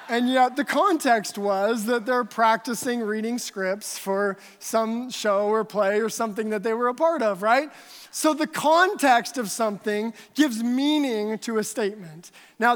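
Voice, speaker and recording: High-pitched woman teaching the bible, chatty animated storyteller, big reverby room. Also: a little hiss or hum. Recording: long hall reverb.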